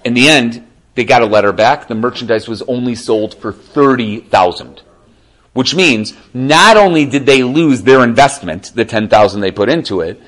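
A man giving a casual Torah class, animated and conversational, often checking in with the listener. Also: medium pitch, moderate pace, poor audio. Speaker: Torah teacher.

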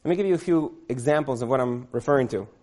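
A man's voice: mid-range voice, fast talker, darkish tone. A man in his thirties telling a rambling comic story, full of fillers and laughing at himself.

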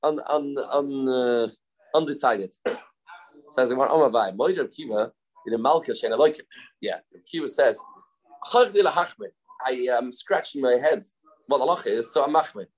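A man's voice: medium pitch, normal speed. Man thinking aloud through a Talmud class. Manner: thinking aloud, repeating phrases, mixing Hebrew terms into English. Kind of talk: informal Talmud lesson.

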